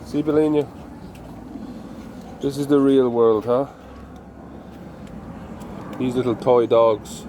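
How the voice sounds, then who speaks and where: A man's voice: medium pitch, fairly even intonation, slow, long pauses, dark tone. A man casually narrating to viewers while walking his dog, with wry, chatty asides and some swearing. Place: city street outdoors. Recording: street traffic noise behind.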